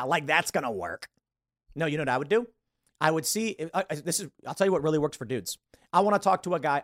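Guy hosting a live show, kinda high voice, rambles and acts out little convos, dry sound. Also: no room sound. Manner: animated, acts out quoted dialogue in changing voices; rambling, with frequent restarts. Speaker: podcast host. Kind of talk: casual live-show monologue.

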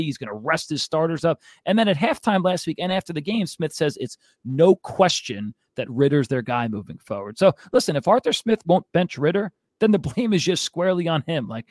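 A man's voice: fairly high pitch, dry recording, studio quality. A man co-hosting a sports podcast, ranting in a fired-up, exasperated way. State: out of breath. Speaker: podcast co-host.

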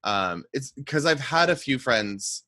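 Unhurried laid-back podcast host. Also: male voice, mid-range voice, expressive, pushed and bright, dry recording, studio quality. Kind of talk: interviewer.

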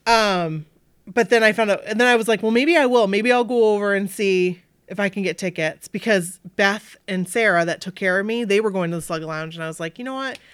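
A woman from Maine, USA, with a smooth, medium-pitched voice talks a little fast while telling a casual story. She animates it by performing people's quoted words and peppers it with "like". The sound is studio quality, free of room sound.

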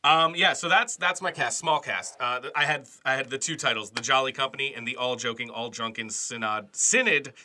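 Man, casual podcast chat, bright tone, filler-heavy, jokey. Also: medium pitch, fairly quick, few pauses, a little hiss or hum. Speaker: podcast co-host.

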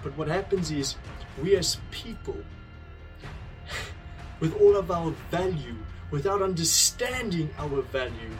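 A man's voice: fairly high pitch, animated, slow pace, pauses often, soft background music. A man giving an earnest, conversational devotional talk, telling a parable and then drawing a lesson from it. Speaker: speaker sharing a devotional message.

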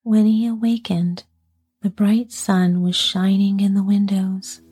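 A woman reading a fairy tale aloud in a soft, calm whisper. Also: medium pitch, measured pace, husky. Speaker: storyteller. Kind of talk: whispered storytelling.

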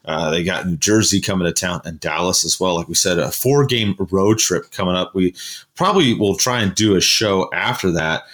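Low-voiced male podcast co-host, loose rambling delivery, frequent fillers. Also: moderate pace, a bit bright. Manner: rambling, many fillers and restarts. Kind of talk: casual sports chat.

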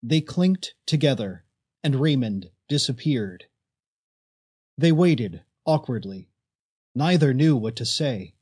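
A man narrating a story in a measured, expressive way. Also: mid-range voice, husky. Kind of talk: audiobook narration.

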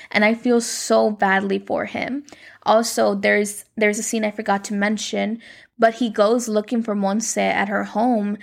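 A woman hosts a casual podcast and retells a telenovela with chatty enthusiasm. Her voice sits at an ordinary pitch with a noticeable creaky fry running through it. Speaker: podcast host.

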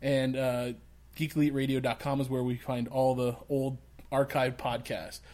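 A man's voice: mid-range voice, flat delivery, normal speed, darkish tone. Laid-back male podcast host. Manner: laid-back, restarts phrases often. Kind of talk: casual chat.

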